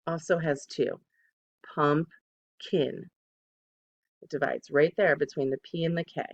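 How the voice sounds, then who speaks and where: Slow, gravelly-voiced second grade teacher. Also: medium pitch. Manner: slow, patient, says each word twice to model it. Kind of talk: recorded remote phonics lesson for children. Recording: dull lo-fi lesson recording.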